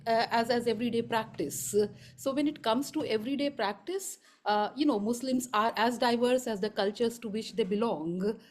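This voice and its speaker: A woman at a conference asking a long, searching question, thinking aloud and pausing often. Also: fairly high pitch, a little mellow. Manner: halting, many fillers and restarts, thinking aloud. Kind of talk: spontaneous academic question.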